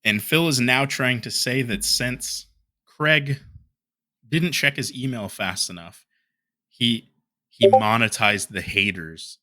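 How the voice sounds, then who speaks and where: A man's voice: medium pitch, slow pace, bright, forceful tone, no room sound. A man delivering heated commentary as a YouTuber, ranting and trading insults.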